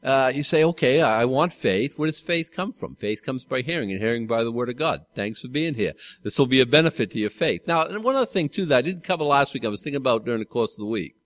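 A man preaching a relaxed sermon to his congregation, speaking at an ordinary pitch. He talks conversationally, stops to correct himself and throws questions out to the listeners. The sound is dry and close. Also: fast, few pauses, no room sound. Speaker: pastor. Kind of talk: sermon, Bible teaching.

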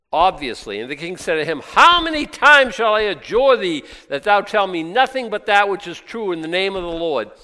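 A man preaching a sermon, reading scripture aloud and breaking into lively, sarcastic asides. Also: a little high, clear, resonant tone. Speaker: pastor. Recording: long hall reverb.

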